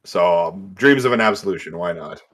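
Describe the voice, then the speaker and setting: A man's voice: low-pitched, expressive, normal speed, fairly bright tone. A man co-hosting a podcast in casual chat, giving blunt, matter-of-fact opinions. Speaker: podcast co-host.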